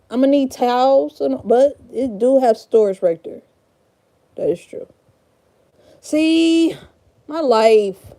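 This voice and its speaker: Slow-talking thirtysomething woman cussing and rambling on a live stream, mellow kinda high voice. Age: 30s. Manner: profane, frazzled and rambling; talks to herself while sorting a room. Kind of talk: casual livestream chat.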